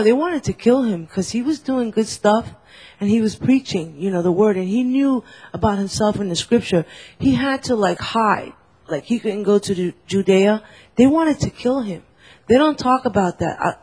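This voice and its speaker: Breathy woman, halting, Spanish native. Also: mid-range voice, a little mellow, low-quality recording. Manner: halting, frequent restarts. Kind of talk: casual talk.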